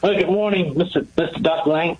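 A man calling in to a radio show, speaking haltingly and repeating his words. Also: on the high side, slightly rough, dull audio. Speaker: caller. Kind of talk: call-in radio talk.

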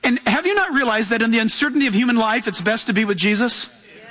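A man preaching as a pastor, emphatic and lively, acting out voices as he tells the story. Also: very high-pitched, quick pace, big-room sound. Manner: emphatic, acts out voices in his telling. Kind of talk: sermon.

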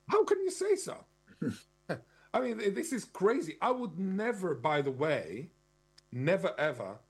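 A man giving spoken commentary in an emphatic way, firing off rhetorical questions and sometimes spelling words out letter by letter. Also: fairly high pitch.

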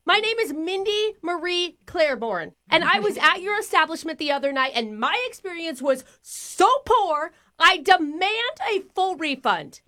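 A woman's voice: extremely high pitch, animated, moderate pace, few pauses, pushed and bright, full character voice. A woman playing an entitled, indignant customer on a prank call, demanding and over-the-top. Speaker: prank caller.

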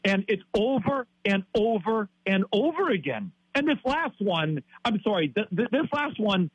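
A man's voice: high voice, very animated, moderate pace, slightly rough, no room sound, rough recording. Exasperated ranting man in his fifties. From Wisconsin, US. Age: 50s. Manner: ranting, exasperated, repeats himself. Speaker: sports talk guest. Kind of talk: heated sports talk.

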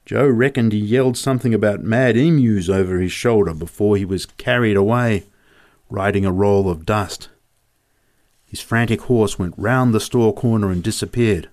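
A man's voice: on the low side, moderate pace, a little mellow. A man narrating a story in a vivid, descriptive reading.

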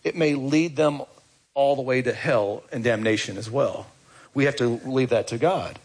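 A man's voice: mid-range voice, moderate pace, a little mellow, slightly rough. A man preaching a conversational sermon to his congregation as their pastor, asking them questions and urging them to respond. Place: church.

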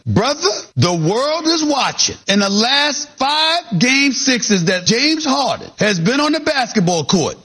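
A man's voice: very high voice, bright, forceful tone, breathy edge. A male sports commentator talking with emphatic, repetitive force in a preaching cadence.

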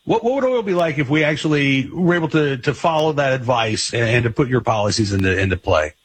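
A man's voice: medium pitch, animated, brisk, slightly rough. A man hosting a radio interview, asking casual, rambling questions with plenty of fillers. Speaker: radio host.

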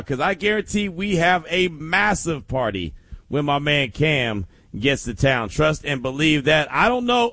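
A male sports talk radio host, hyped and full of energy, with lots of laughter in his talk. His voice is high, bright and swings widely in pitch. It is close-miked and dry in the studio. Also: no room sound.

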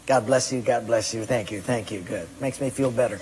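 A man's voice: medium pitch, a little fast, a little mellow, slightly rough. A male pastor preaching a sermon to a congregation and asking them direct questions. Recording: long hall reverb.

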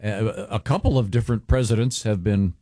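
Radio co-host man, low mellow voice, dry studio sound, rambling with fillers. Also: no echo. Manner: rambling, halting with many fillers. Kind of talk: morning radio banter. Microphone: studio microphone.

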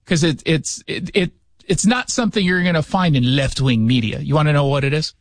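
Speaking briskly in a slightly high voice with no room sound, a middle-aged man runs a radio talk show from a studio. His casual political riffs are sarcastic and packed with self-interrupting jokes.

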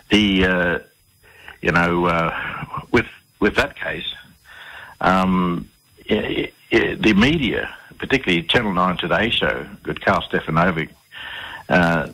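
Australian male guest, low husky voice, punchy, storyteller who acts out the dialogue. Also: sharp tone, low-quality recording. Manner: acts out dialogue, repeats words while searching for them. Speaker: interview guest. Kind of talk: conversational storytelling interview.

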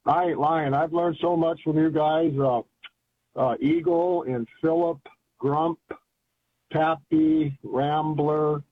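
An older man calls in over a tinny, phone-like line. His voice sits a little higher than most men's, husky and dry. He rambles on eagerly in folksy, colloquial talk. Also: steady tone, takes it slowly, no echo. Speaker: caller. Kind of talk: phone-in chat.

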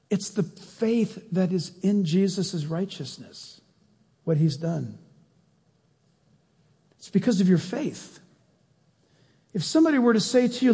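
Preacher guy with a high husky voice, lively sermon full of questions, long echo of a big hall. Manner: animated, quick swings in pitch and volume, rhetorical questions.

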